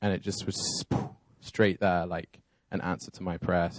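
Deep-voiced man sharing his testimony. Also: flat delivery, moderate pace, dry recording. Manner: earnest, storytelling. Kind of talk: personal testimony.

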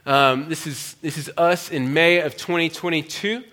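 Bright-voiced man telling his story. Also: fairly high pitch, fairly even intonation, moderate pace. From United States. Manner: conversational storytelling, frequent fillers and restarts. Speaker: pastor and missionary speaker. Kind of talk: personal testimony talk to a church audience.

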